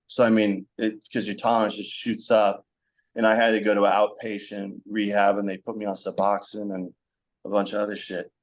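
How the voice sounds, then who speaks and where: A young man with a somewhat low voice, speaking as a podcast guest. He tells his story candidly and conversationally, rambling a little with fillers and the odd laugh. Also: monotone, brisk.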